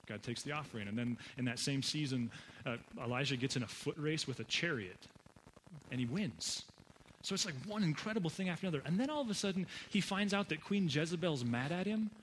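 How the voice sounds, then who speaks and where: A man's voice: fairly high pitch, lively intonation, a little fast, fairly bright tone, slight background noise, low-quality recording. A man preaching a sermon as pastor, conversational and humorous, voicing playful asides.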